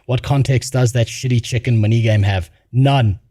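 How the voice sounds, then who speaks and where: Brief: young male streamer, blunt profane rant, dry close sound, mid pitch. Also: moderate pace, dark tone, dry recording. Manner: blunt, swears a lot, laughs while telling stories. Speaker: streamer reacting to a video.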